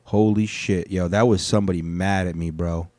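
A man's voice: sits low, fairly even intonation, normal speed, darkish tone, no room sound. A man hosting a solo podcast from home, rambling casually with lots of swearing. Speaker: podcast host. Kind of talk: solo comedic podcast rant. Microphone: headphones on, podcast mic.

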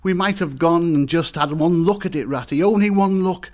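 A small, homesick male mole, voiced by a man reading a storybook, his voice pushed high and thin as he sobs. The words come out broken and pleading, catching between breaths. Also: moderate pace, darkish tone, close to an everyday voice. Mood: tearful pleading. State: crying.

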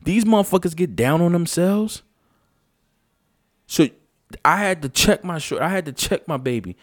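Man, fairly high voice, dry close sound, blunt profane rant, emphatic and repetitive. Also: lively intonation, normal speed, no echo. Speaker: vlogger. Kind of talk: casual unscripted rant.

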